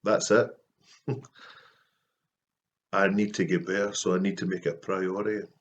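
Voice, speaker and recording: A Scottish man with a lowish voice speaks to camera in a casual, heartfelt vlog. He talks softly and earnestly, with frequent pauses and fillers. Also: flat delivery, highs cut off, a little hiss or hum. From Scotland. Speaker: Christian artist vlogger.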